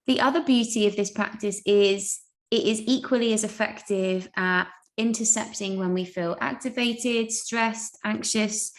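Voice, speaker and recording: A woman teaching a guided breathing practice, talking calmly and counting out each breath. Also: medium pitch, creaky. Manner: slow, calm, counting out breaths.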